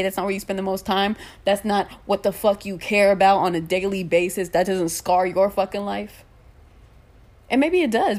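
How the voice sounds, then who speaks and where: A woman delivering an angry, profane rant full of rapid rhetorical questions. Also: medium pitch, vocal fry.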